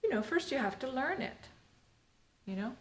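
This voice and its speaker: A woman's voice: high voice, sing-song, normal speed. A middle-aged woman teaching the Alexander Technique in a live workshop, talking in a rambling, playful way full of fillers. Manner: rambling, playful and chatty, full of "you know" and "like". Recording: roomy echo with faint ambient noise.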